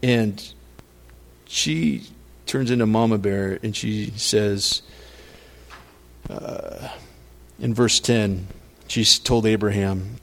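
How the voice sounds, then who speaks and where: A man's voice: steady tone, takes it slowly, long pauses, a bit bright. A man preaching a conversational sermon, reading scripture aloud and acting out the people in the story. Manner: conversational preaching, acts out quotes, rises in pitch when emphatic. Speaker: pastor.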